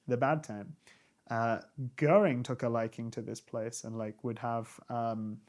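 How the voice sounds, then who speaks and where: A man's voice: medium pitch, mellow. A man hosting a casual chat over old photos, enthusiastic and musing, often trailing off mid-thought. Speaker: host and tour guide.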